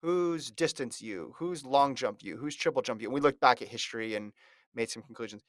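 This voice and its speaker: A man's voice: mid-range voice, brisk, no echo. A man hosting a casual sports chat, running a fantasy draft in a chatty, teasing way and reading out lists of picks.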